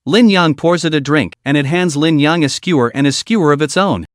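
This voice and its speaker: A man reads a fantasy comic recap aloud. His voice sits slightly high and the recording is dry and close. He keeps an even, steady delivery. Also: brisk, hardly any pauses, dry recording. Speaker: narrator. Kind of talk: scripted story recap narration.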